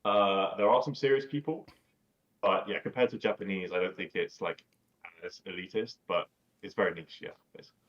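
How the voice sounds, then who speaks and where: A man with a fairly low voice rambles through a casual chat, filling every sentence with "like" and tossing in the odd swear word. He comes through a video call, so the sound is dull and lo-fi. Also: fairly quick. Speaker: podcast guest.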